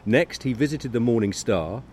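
A man's voice: medium pitch, lively intonation, normal speed, a little mellow, a little hiss or hum. A man co-hosting a podcast, chatting casually and enthusiastically outside on a residential street, laughing easily. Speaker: podcast co-host. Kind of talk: casual chat on a walking tour. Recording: recorded outside with street ambience.

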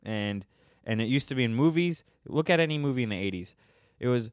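A young man chatting casually as a podcast host, irreverent and quick to laugh at his own jokes. His voice sits in a middle register and is recorded close and dry, with no room sound around it. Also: mid-range voice, animated, smooth, dry recording. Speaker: podcast host answering listener questions.

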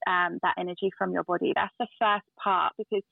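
A woman's voice: on the low side, fairly even intonation, a little fast, creaky, husky, dry recording. A woman guest in casual chat, telling stories earnestly with many fillers and restarts. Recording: dry tinny phone-like line.

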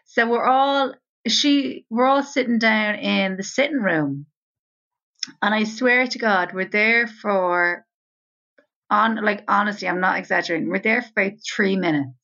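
A woman's voice: medium pitch, unhurried, pushed and bright. Irish woman telling rambling stories, lo-fi. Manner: rambling anecdotes, casual swearing. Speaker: podcast co-host. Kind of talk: casual chat. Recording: slightly dull, lo-fi audio.

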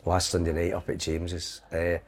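A man's voice: low voice, completely flat delivery, moderate pace, slightly rough. A middle-aged Scottish man telling rambling comic anecdotes, slipping into quoted voices. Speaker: comedian guest. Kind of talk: casual storytelling.

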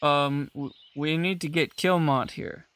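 A player in a tabletop game who talks in a loud, playful way. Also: medium pitch, steady tone, unhurried, clear, resonant tone, no room sound.

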